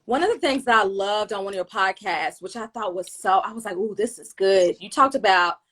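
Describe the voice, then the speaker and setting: Woman host, animated casual talk, mid-range voice, plays the quotes big. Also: a little fast. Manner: animated, acts out quoted dialogue with big pitch jumps. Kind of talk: casual chat on a video livestream.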